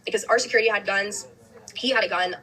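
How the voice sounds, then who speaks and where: A young woman recounts a story at a quick clip, her voice sitting in a middle range. She fills her sentences with "like" and restarts often. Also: medium pitch, sharp tone, poor audio. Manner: fast, heavy use of "like", restarts. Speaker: host. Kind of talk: emotional storytelling on a podcast.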